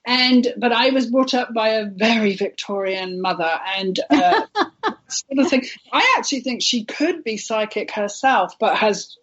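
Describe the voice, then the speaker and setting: A woman's voice: on the high side, expressive, unhurried, fairly bright tone, highs cut off. A woman speaking as a guest on an internet radio interview, telling her story in a heartfelt, earnest way. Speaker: guest, intuitive healer.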